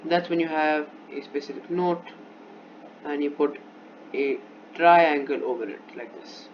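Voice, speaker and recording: Amid background noise and an instrument playing in a dull lo-fi recording, a man teaches music theory off the cuff. His voice is a little high at a measured pace, and he often restarts and repeats himself as he demonstrates.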